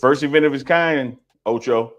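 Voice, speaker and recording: A man co-hosting a casual sports talk show, playful and teasing, with a loose relaxed delivery. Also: mid-range voice, normal speed, faint music behind. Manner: teasing, playful, reads a sponsor plug in a loose drawl. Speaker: co-host.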